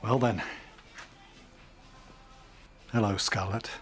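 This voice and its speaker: A charming lawyer, Andrew. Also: male voice, on the low side, steady tone, a little fast, a bit bright, breathy edge, soft background music. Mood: fond. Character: polished middle-aged male lawyer. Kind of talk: TV soap drama acting.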